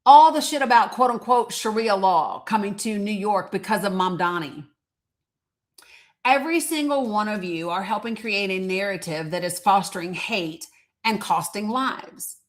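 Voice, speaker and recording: A woman's voice: medium pitch, lively intonation, moderate pace. A woman hosting a commentary monologue, talking in a heated, blunt way, swearing and reading quotes aloud. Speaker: host.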